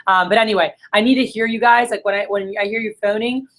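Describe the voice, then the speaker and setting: A woman coaching her sales team in a room, her voice sitting at an ordinary middle pitch. She talks in a casual, upbeat way, full of fillers and quick asides as she walks her trainees through the steps. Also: fairly even intonation, a bit bright.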